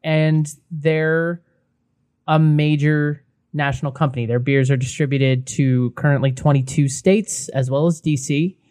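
Young male co-host, chatty, giggly, a touch high, dry sound. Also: steady tone, measured pace, darkish tone, no echo. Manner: chatty, laughs often, self-correcting. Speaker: podcast co-host. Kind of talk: casual beer review chat.

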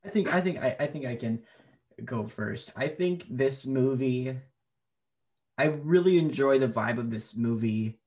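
A man speaks casually as a podcast host, at a middle pitch. He halts and restarts often as he works through his thoughts. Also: animated, a little mellow. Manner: hesitant, halting. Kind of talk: casual chat.

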